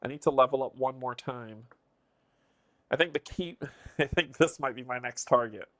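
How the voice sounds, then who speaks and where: Guy on a live stream muttering through his board game turn, counting stuff out loud. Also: medium pitch, moderate pace. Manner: muses and counts moves under his breath. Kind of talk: casual live-stream thinking aloud.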